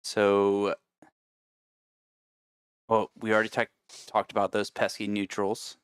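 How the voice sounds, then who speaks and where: A man's voice: fairly low pitch, completely flat delivery, takes it slowly, clean tone, no echo, clean studio sound. A man hosting a casual podcast chat, prompting stories with short questions and laughing often. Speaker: podcast host.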